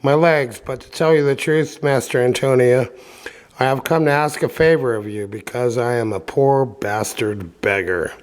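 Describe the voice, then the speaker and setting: A man's voice: medium pitch, moderate pace, lightly acted. Geppetto, a man doing a hot-tempered old Italian puppet-maker. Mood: pleading, eager. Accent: put-on cartoonish Italian.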